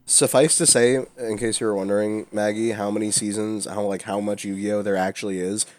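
A man's voice: on the low side, level tone, a little fast. A man co-hosting a casual podcast, joking around with confident, crude remarks. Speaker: podcast co-host. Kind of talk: casual chat.

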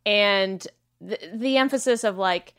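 A woman's voice: medium pitch, unhurried, a bit bright, clear, resonant tone. Frank woman guest, candid chat. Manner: frank and candid, swears freely. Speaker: podcast guest. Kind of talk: casual interview chat.

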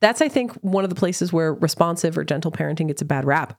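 Woman co-host, slightly low voice. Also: lively intonation, quick pace, dry recording, clean studio sound. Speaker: podcast co-host. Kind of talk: casual chat.

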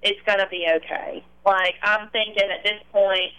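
A woman guest telling a long personal story in an interview, animated and acting out quoted dialogue. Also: mid-range voice, moderate pace, lo-fi sound, crowd noise. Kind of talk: recounting a past relationship in an interview.

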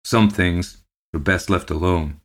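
A man's voice: low-pitched, slow pace, fairly bright tone. A man voicing a friendly, earnest old small-town man giving grave advice. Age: older.

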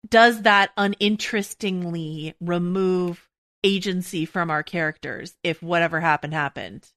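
Podcast host, woman, lower register, bright tone, rambling and self-correcting, dry studio sound. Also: dry recording. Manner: rambling, thinking aloud with many restarts. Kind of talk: casual chat.

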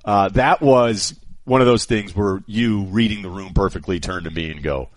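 A man co-hosting a radio show, telling animated stories and acting out quotes in a casual chat. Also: lowish voice, normal speed, no room sound. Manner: animated storyteller, acts out quotes.

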